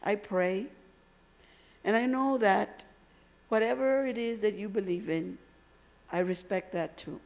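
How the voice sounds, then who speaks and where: Brief: Texas-raised woman motivational speaker, gravelly voice, dramatic pauses, storytelling delivery. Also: medium pitch, darkish tone. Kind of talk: motivational speech. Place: university lecture hall.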